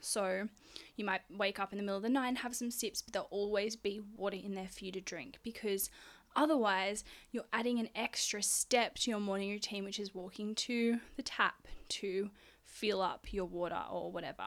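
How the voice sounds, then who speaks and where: A woman's voice: mid-range voice, steady tone, moderate pace. A woman hosting a casual solo podcast, chatty and frank, swearing freely and out of breath. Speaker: podcast host.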